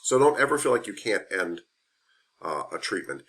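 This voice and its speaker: Bright-voiced man teaching a class. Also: lowish voice, very animated, normal speed. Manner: frank, conversational, repeats key points. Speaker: massage therapy instructor. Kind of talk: classroom lecture.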